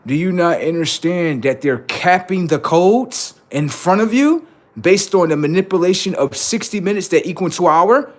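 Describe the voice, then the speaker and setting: A man's voice: on the high side, lively intonation, moderate pace. A man on a live stream, chatting casually and swearing, then lecturing his viewers insistently about number codes.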